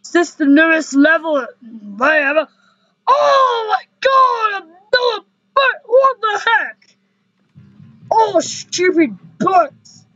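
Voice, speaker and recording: Woman doing a hysterical mom, shrieky and crying, super high and slow, dry lo-fi homemade skit. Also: lively intonation, a bit bright, no room sound, soft background music, heavily acted. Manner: shrieking, crying outbursts and scolding. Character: frantic, furious mother who shrieks and wails. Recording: dull, dry, lo-fi recording.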